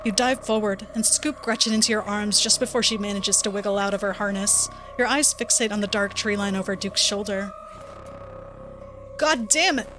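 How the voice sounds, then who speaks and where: A woman's voice: medium pitch, steady tone, fairly quick, hardly any pauses, music in the background. A woman streamer playing a story game, reading its text aloud with playful asides. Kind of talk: let's-play narration reading a visual novel aloud.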